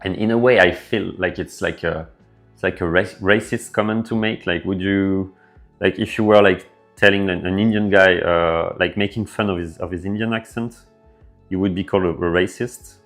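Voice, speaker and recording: A man with a French accent, hosting a casual developer livestream and answering viewer questions in a relaxed way with lots of fillers. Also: deep voice, normal speed. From France. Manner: relaxed, filler-heavy, thinking aloud. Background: faint background music.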